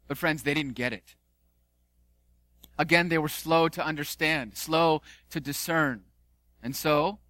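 A man preaching a sermon as a pastor, expressive, with sudden swings in volume and pace. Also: fairly high pitch, no room sound.

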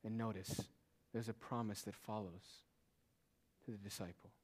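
A male pastor preaching a sermon in a church, swinging between quiet, hushed lines and raised, emphatic ones. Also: lowish voice, steady tone, moderate pace.

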